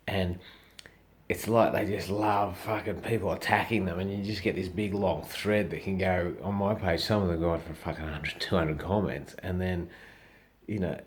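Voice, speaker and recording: A man's voice: deep voice, normal speed. A man with an Australian accent talking casually to camera in a blunt, profane way, acting out the voices of people he quotes. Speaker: social media personality.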